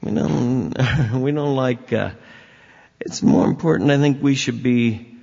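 A man preaching a sermon as pastor, with emphatic swings in pitch and volume. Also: a little slow, gravelly, dark tone. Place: church sanctuary. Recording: dull recording with long hall reverb.

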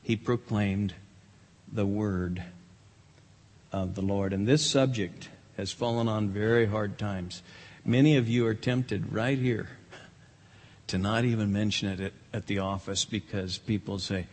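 Slow, husky-voiced preacher in a hall. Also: male voice, fairly low pitch, steady tone, a little mellow. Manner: emphatic, with dramatic quoted voices. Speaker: pastor. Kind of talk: sermon. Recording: long hall reverb.

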